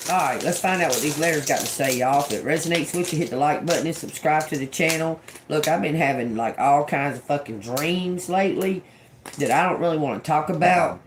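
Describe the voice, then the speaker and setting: A man's voice: fairly high pitch, brisk, background noise. A man doing a casual tarot reading, rambling and cursing, often repeating single words as they come to him. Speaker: tarot reader.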